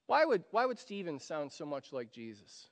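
A man delivering a sermon in a high voice, with long reverb ringing behind him. He preaches conversationally, asking the listeners questions and dropping from loud emphasis to hushed asides. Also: big pitch swings, moderate pace. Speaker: pastor.

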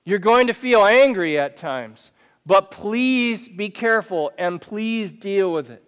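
Guy pastor preaching, chatty and lively, kinda high voice, big echoey church hall. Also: slow pace, clear, resonant tone. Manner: conversational, animated, rhetorical questions. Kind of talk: sermon. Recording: long reverb of a church hall.

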